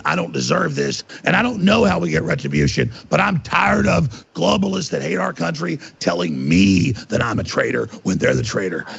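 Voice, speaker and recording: A man's voice: fairly high pitch, creaky, breathy edge. A man ranting indignantly and emphatically as an interview guest, on dull lo-fi audio. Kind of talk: heated interview talk.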